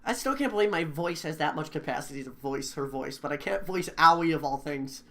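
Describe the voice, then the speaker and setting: A woman's voice: sits low, lively intonation, a little fast, fairly bright tone. Chatty woman narrating a let's play. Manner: chatty, self-amused asides. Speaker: gaming streamer. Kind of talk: casual let's-play commentary.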